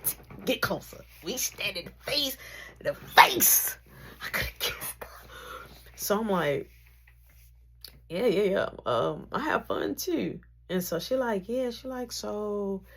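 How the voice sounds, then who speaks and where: Husky woman telling a story animatedly. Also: medium pitch. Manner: lively, acts out every character in the story, swings from hushed to loud.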